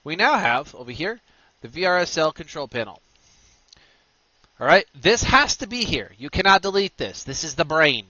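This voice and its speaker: A man hosting a screen-recorded software tutorial, walking through steps with energetic, punchy instructions. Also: fairly high pitch, normal speed, no room sound, lo-fi sound. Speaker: tutorial host.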